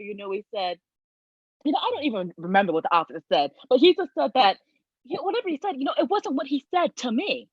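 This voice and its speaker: Woman, casual storytelling, animated, dull dry lo-fi recording. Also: on the high side, fast, husky, no echo. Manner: animated, lively retelling with frequent fillers. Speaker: storyteller sharing a personal story.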